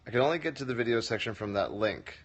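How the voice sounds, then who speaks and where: With a mid-range voice, lively intonation, and a quick pace, a man hosts a casual phone-livestream Q&A as a comedy teacher. He reads viewer comments aloud and answers them with dry, wry jokes.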